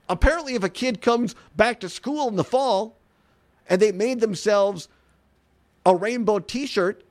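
A man hosting an opinionated talk radio show, incredulous and animated, often laughing and saying "I mean". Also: high voice.

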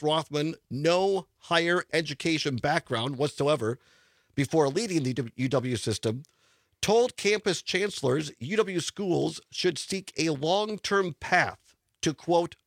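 A man's voice: on the high side, no room sound. Congested man hosting a talk show. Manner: chatty, reads news quotes aloud with emphasis. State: congested, stuffy voice. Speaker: radio talk show host. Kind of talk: radio talk show monologue. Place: radio studio. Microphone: studio broadcast microphone.

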